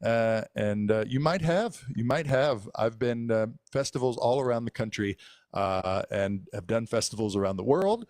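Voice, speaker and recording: A musician hosting a casual music livestream chats to viewers in a rambling way, using plenty of filler words. His mid-range voice is animated and moderately paced, the audio is studio quality with no room sound, and loud music plays behind him.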